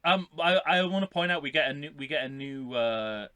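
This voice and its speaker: A man's voice: fairly high pitch, lively intonation, a little fast, pushed and bright, smooth, no echo. A man co-hosting a podcast in casual chat, joking wryly with lots of restarts. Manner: wry, joking, many restarts. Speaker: podcast co-host.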